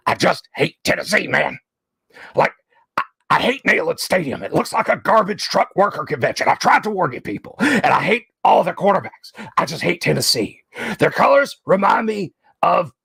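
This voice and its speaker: A man impersonating a furious, ranting middle-aged male talk-show host, with a strained, gravelly rasp and a bellowing, repetitive tirade. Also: fairly high pitch, fairly bright tone, dry recording, studio quality, heavily acted.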